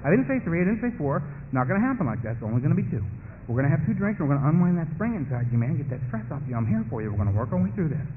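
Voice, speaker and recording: A man voicing the whispering male beast of addiction, low, hushed and wheedling as it coaxes him toward a drink. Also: big pitch swings, rapid-fire, in a large hall, a little hiss or hum. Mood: reassuring. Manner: soothing, seductive persuasion. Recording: tinny lo-fi phone-like recording.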